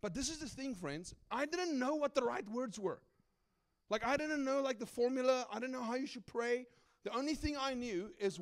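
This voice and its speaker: A middle-aged man from Africa, preaching a sermon as a guest speaker, telling personal stories in an animated, conversational way and often asking "right?". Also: very high voice, normal speed. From South Africa.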